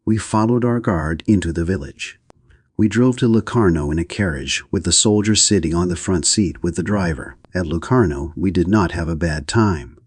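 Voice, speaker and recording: A man narrating an audiobook in a plain, measured, understated way. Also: sits low, husky, no echo.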